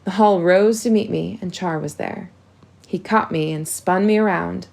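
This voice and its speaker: A woman narrating a first-person audiobook in a measured storytelling manner. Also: lowish voice, gravelly, a little mellow.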